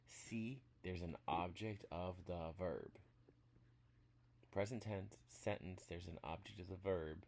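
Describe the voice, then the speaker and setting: A man giving a casual spoken language lesson, walking through examples step by step in a relaxed way. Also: sits low, slow, gravelly. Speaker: language teacher.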